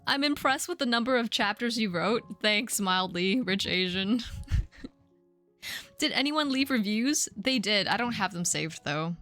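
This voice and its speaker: A woman in her thirties on a live stream, reading her old fan fiction aloud with self-mocking asides and squeaky sound effects. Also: lively intonation, measured pace, pushed and bright, no echo, faint music behind. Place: home streaming setup.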